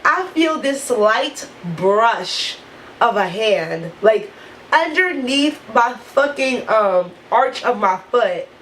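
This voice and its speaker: A woman vlogger with a high voice tells a storytime straight to camera. She is animated and profane, with "like" in almost every phrase. A faint hiss of noise sits under her voice. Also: slow, poor audio. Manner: animated, profane, heavy use of "like". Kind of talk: storytime vlog.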